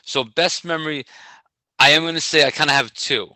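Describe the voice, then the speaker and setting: A middle-aged man co-hosting a casual podcast, telling a story in an animated way and laughing often. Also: a little high, brisk, no echo, low-quality recording. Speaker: podcast co-host, track coach. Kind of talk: casual chat.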